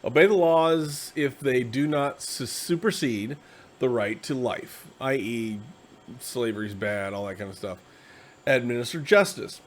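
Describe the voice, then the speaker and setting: A tired man hosting a casual, rambling explanation of a tabletop game class, slipping into quick acted asides. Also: medium pitch. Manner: conversational, acts out quick quoted asides. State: tired, yawning.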